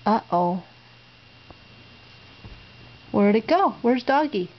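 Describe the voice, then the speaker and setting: A mother speaks slowly to her little one in a higher, sing-song baby-talk voice, drawing out each coaxing word. The sound is dull and lo-fi, like a home video, with a faint hiss underneath. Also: expressive. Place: home, on a bed.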